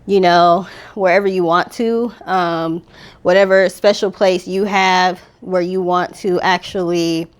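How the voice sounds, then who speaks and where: Gentle woman guiding a healing ritual. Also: on the low side, steady tone, clear, resonant tone. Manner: casual, gently instructive, speaks affirmations slowly. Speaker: spiritual healing vlogger.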